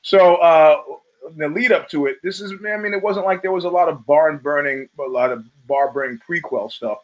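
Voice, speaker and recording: This middle-aged podcast host talks at a normal pace in a higher-pitched voice, drifting through casual, rambling commentary with many fillers and restarts. The recording quality is low.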